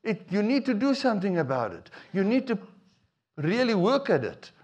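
A middle-aged man, preaching a sermon in a conversational, animated way with asides to the congregation. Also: high-pitched, moderate pace. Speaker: pastor.

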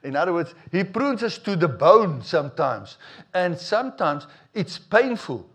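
Lively pastor preaching. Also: male voice, high-pitched, a little slow, breathy edge. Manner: animated, conversational preaching with repeated words and asides to the congregation. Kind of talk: sermon.

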